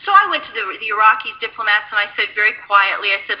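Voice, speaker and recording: A woman's voice: mid-range voice, expressive, fast talker, few pauses, lo-fi sound. A woman giving a storytelling talk, speaking emphatically with frequent restarts. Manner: emphatic, restarts sentences, acts out quoted dialogue. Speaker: speaker recounting her intelligence work.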